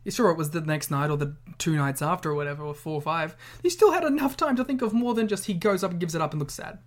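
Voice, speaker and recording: A man's voice: fairly high pitch, lively intonation, quick pace. A man co-hosting a podcast in casual chat. He is blunt and profane, and he acts out scenarios as he argues. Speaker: podcast co-host.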